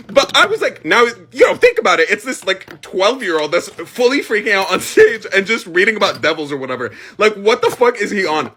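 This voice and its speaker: A young man telling an embarrassing childhood story in a casual, animated way, swearing and laughing as he goes. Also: high voice, fast, husky.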